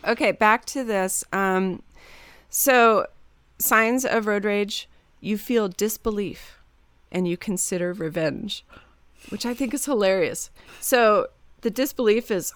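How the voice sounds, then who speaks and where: A woman's voice: mid-range voice, takes it slowly, no echo. A woman, a mother in her thirties, chatting casually and acting out quoted lines as she tells stories. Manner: animated storyteller, acts out quotes. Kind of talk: casual chat.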